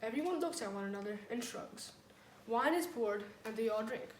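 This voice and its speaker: A woman reads a comic short story aloud in a fairly high voice, livening it up with quick switches into the characters. She sits well back from the microphone in an echoey room with a faint hum behind her. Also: animated. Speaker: reader. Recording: echoey room, far from the mic.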